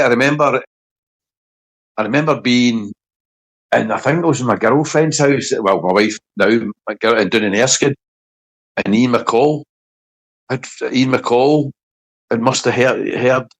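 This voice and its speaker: A middle-aged Scottish man, a former footballer, telling a story in casual interview chat, halting and repeating words as he gets emotional. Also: medium pitch, poor audio. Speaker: former footballer, podcast guest.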